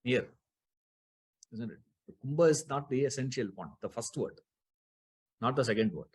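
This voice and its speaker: Male scripture teacher, husky mid-pitched voice, patient explainer who repeats terms and quizzes the class. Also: animated, normal speed, a little mellow. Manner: asks the class rhetorical questions, repeats key terms. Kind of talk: explaining Sanskrit grammar in a class.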